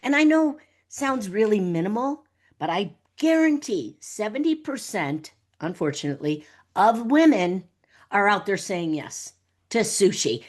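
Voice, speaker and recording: A middle-aged woman guesting on a podcast, talking in an animated way, laughing often and acting out little dialogues. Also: mid-range voice, a little slow. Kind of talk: conversational podcast interview.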